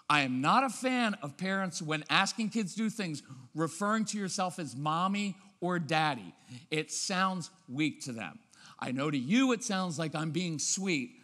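A man giving a lively talk on parenting, often acting out parents' voices and checking with the audience. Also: high-pitched. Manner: lively, acts out parents' voices, keeps asking "right?". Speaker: parenting speaker. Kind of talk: animated seminar talk. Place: church auditorium. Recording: long reverb of a large hall.

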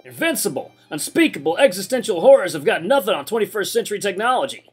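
A man's voice: high-pitched, very animated, quick pace, husky, soft background music, voice pushed up, heavily acted. Man doing a cocky, joking young guy. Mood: boastful. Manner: teasing, playful banter.

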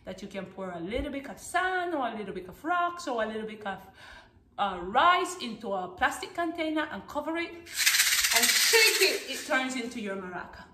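A woman teaching a music lesson to small children, singing songs and talking to them in an animated, sing-song way. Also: a little high, normal speed. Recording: echoey room with background noise.

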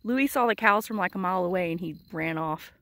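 A woman from Texas, vlogging outdoors by her van and talking to cats and cows in a high, cooing baby-talk voice with frequent laughs. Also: brisk, a bit bright. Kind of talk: casual vlog talk to camera and animals. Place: outdoors by a van near a cow pasture. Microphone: handheld camera.

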